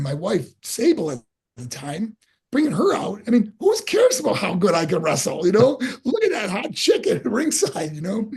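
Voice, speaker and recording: An older former pro wrestler in his sixties, guesting on an interview, tells stories from his career with animation and acts out people's quotes. His crackly voice is on the high side, husky, with vocal fry.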